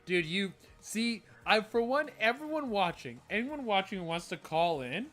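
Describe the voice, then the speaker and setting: A podcast host reacting to a guest's story in casual chat, excitable and quick to laugh. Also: mid-range voice.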